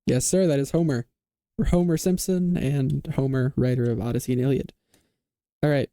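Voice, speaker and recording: A man hosting a casual online quiz game, reading clues aloud and confirming answers with a quick "yes, sir". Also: medium pitch, steady tone, dark tone, dry recording. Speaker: quiz show host.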